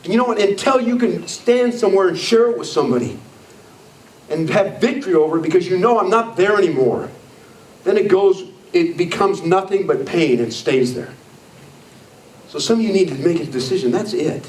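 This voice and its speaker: A man in his sixties gives a blunt, emphatic motivational talk to a roomful of people. His voice sits a little high for a man and carries a strong echo, and it sounds like it was picked up from far away across the room. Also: lively intonation, normal speed, slight background noise. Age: 60s. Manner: blunt, emphatic, repeating "I don't care" and "you know what?". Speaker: motivational speaker. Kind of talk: motivational speech to a live audience. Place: meeting room with an audience. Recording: echoey room, voice far from the mic.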